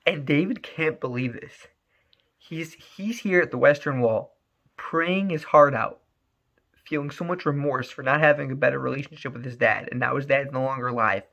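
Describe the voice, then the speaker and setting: A man telling a story in an animated, emphatic way, often repeating words. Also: mid-range voice, normal speed, gravelly, dull audio. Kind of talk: spoken storytelling.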